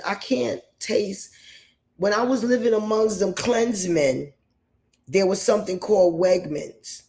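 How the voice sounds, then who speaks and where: A man from New York State hosting a livestream and giving opinions in a rambling, emphatic way, often repeating himself. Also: high-pitched. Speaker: livestream host.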